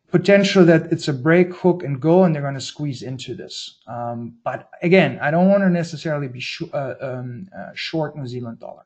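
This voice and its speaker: A man hosting a trading webinar, talking through market charts in a brisk, blunt, informal way, with slang and frequent restarts. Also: a little high, a little mellow, highs cut off. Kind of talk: casual market-analysis webinar talk.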